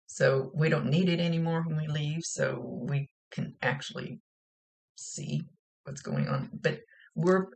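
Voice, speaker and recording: This woman's voice is low-pitched, gravelly and unhurried. Working as a psychic medium, she delivers a casual, rambling reading full of chatter and laughter.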